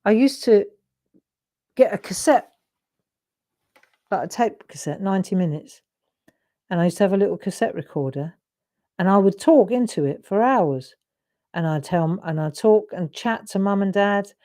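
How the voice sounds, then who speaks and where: A woman's voice: medium pitch, animated, normal speed, pauses often, mellow. A middle-aged woman, chatting in a rambling, self-interrupting way as she hosts a live drawing demonstration. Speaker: craft demonstrator and host. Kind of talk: casual chat while drawing live.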